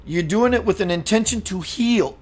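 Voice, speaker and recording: A man's voice: high voice, moderate pace. A man hosting a live spiritual talk show, speaking emphatically and calling his viewers sister and brother as he reads their comments.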